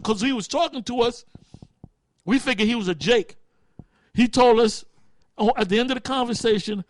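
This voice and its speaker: High-voiced man preaching bluntly. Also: brisk, long pauses, no echo. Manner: blunt, profane street talk with frequent "man"; loses words and restarts while thinking aloud. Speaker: teacher leading a group study. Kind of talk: casual preaching talk.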